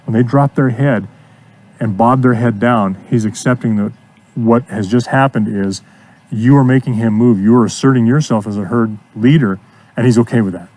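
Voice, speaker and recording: A man coaching a student through horse training outdoors, giving steady encouragement and repeating his praise. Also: medium pitch, normal speed. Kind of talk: hands-on coaching.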